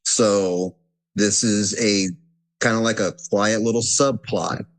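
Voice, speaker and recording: A male guest on a podcast, speaking with a fairly low voice. He talks earnestly and reflectively, restarting a few phrases as he goes. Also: steady tone, slow pace. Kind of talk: casual chat.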